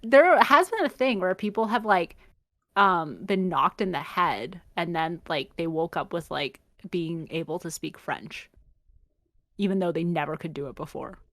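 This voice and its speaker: A woman's voice: lowish voice, lively intonation, a little slow, fairly bright tone, no echo. A young woman co-hosting a podcast, chatting casually with lots of fillers and self-corrections. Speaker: podcast co-host. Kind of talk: casual chat.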